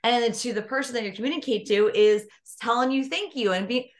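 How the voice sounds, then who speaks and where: Woman, podcast host, coach, energetic, affirming, casual chat. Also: on the high side, brisk.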